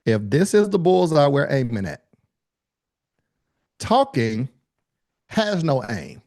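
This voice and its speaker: A man teaching a live online speaking workshop, with lively, colloquial, high-energy delivery, calling on attendees by name. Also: takes it slowly. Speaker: speaking coach.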